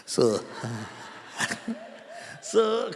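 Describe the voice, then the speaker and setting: Male spiritual teacher, high animated voice, quizzes his listeners, long hall reverb. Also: creaky. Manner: quizzes the audience, repeats names; chants verses slowly. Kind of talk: storytelling discourse.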